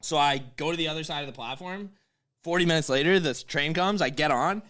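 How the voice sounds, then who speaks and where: A man in his twenties telling a story in casual chat, animated, swearing and laughing as he goes. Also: a little high, fairly quick. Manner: animated, swears often, laughs mid-sentence.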